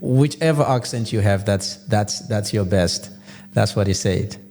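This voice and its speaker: A man's voice: on the low side, a little slow, a little mellow. A man hosting an interview show, asking questions in a casual way and often repeating his words. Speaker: show host. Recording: long room reverb, faint hum.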